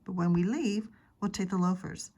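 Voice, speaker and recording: Lady doing a fussy storybook mom, hushed and fretting, kinda husky. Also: mid-range voice, moderate pace, natural voice, poor audio. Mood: scheming. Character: fussy anxious mother.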